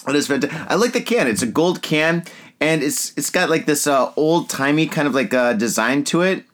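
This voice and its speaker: A man hosts a loose, boozy chat show and keeps cracking jokes, laughing as he goes. His voice sits on the high side and swoops up and down with excitement. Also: normal speed. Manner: laughs often, jokey and excitable. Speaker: podcast host. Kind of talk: casual drinking chat.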